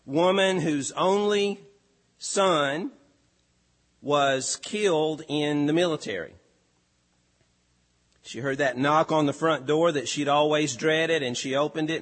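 A male pastor delivering a sermon, slow and emphatic with deliberate pauses. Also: a little high, fairly bright tone, big-room sound.

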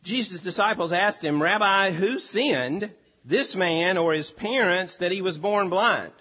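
Preacher, male, measured emphatic delivery, slightly high voice, long hall reverb. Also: bright, forceful tone. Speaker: pastor. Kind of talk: sermon.

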